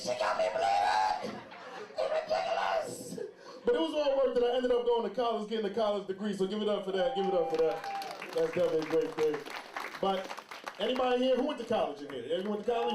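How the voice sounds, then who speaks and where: A man doing a loud, animated stand-up comedy set, telling stories and shouting some bits. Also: high voice, rapid-fire, background noise. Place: comedy club stage. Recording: roomy club with crowd. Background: audience laughter.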